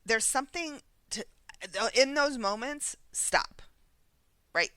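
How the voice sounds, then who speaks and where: A woman's voice: sits high, expressive, slow, pushed and bright, smooth, no room sound. A woman co-hosting a recovery podcast in casual chat, thinking aloud through personal anecdotes. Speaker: podcast co-host.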